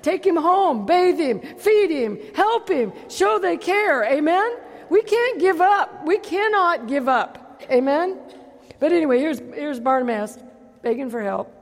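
Woman pastor, high voice, sermon, call-and-response amens, reverberant hall. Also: animated, unhurried. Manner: preaching with frequent call-outs for amen, swinging between loud and hushed.

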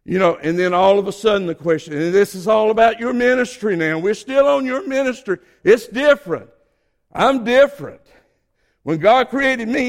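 An older man from Georgia with a Southern accent, preaching a sermon and swinging between quiet asides and loud exhortation. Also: high voice. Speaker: pastor.

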